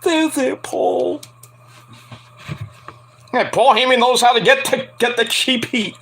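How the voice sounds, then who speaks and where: A man hosting a casual podcast, rambling and joking while he watches a game, with loud outbursts. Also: very high-pitched, fairly even intonation, normal speed, slight background noise. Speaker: podcast host.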